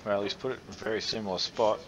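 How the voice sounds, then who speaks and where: A man's voice: lowish voice, steady tone, rapid-fire, fairly bright tone, dull audio, a little hiss or hum. A man commentating live snooker, thinking aloud as he reads the table and often restarting his sentences. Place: commentary position at a snooker venue. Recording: crowd audible behind the commentary.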